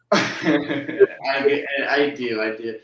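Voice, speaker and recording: A bright-voiced man from New Jersey rambles through a casual chat, piling up restarts as he goes. His voice rings a little in an echoey room. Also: mid-range voice, drawn-out words. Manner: rambling, full of restarts and fillers.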